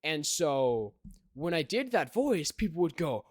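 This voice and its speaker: This teenage young man's voice is a little high and very animated, yet unhurried, as he hosts his podcast. Telling a story in casual chat, he rambles, using plenty of fillers and "right?" check-ins. It's studio quality, with no echo.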